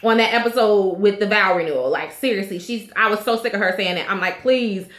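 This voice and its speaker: Talking a little fast in a fairly bright, mid-range voice, a woman in her thirties gives a casual vlog recap of a reality show. Her style is chatty, opinionated and full of fillers, recorded in an echoey room.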